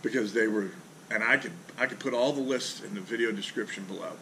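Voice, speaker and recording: A man's voice: on the low side, quick pace, sharp tone. A man, a fishing charter captain, ranting bluntly and profanely in a casual vlog, sitting outdoors under a carport. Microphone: camera mounted on the back of a boat. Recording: outdoor camera audio with clear ambient noise.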